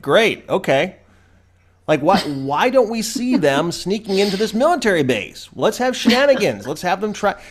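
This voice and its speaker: A man's voice: a little high, slight background noise. A man co-hosting a podcast who jokes sarcastically in a casual chat, restarting his sentences often. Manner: sarcastic, joking, many restarts. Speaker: podcast co-host.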